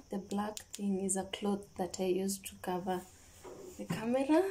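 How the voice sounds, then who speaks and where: A woman's voice: medium pitch, normal speed, background noise. A young woman chatting casually in a vlog, slipping Swahili phrases into her English. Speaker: vlogger.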